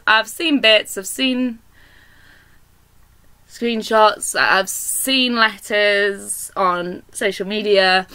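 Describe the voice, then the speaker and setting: A young British woman, an indie author, chatting casually to camera in an animated, giggly and sweary way. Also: medium pitch, drawn-out words, clean tone. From Britain.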